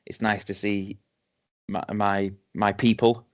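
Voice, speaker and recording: Rambling low-voiced man on a lo-fi podcast. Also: level tone, slow. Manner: rambling, hesitant, many restarts and ums. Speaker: podcast co-host. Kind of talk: casual whisky-tasting chat. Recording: dull lo-fi home podcast recording.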